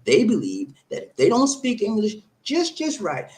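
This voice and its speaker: Talking to camera as a vlogger, this expat in the Philippines offers casual advice in a high voice that swings hugely in pitch, at a moderate pace with a darkish tone. The audio is rough. He hammers his points by repeating words and keeps asking viewers "okay?" or "huh?"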